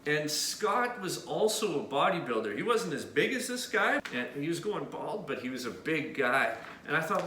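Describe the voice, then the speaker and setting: A man from Canada telling a personal story on camera in an animated way, pointing out where things happened. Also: fairly high pitch, moderate pace, few pauses. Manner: animated, points out spots as he tells it. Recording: echoey room with faint noise.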